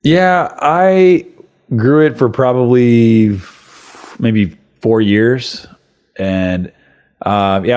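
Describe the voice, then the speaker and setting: A man, a musician, chatting as a podcast guest in a relaxed, laid-back way. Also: sits low. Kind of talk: casual interview chat.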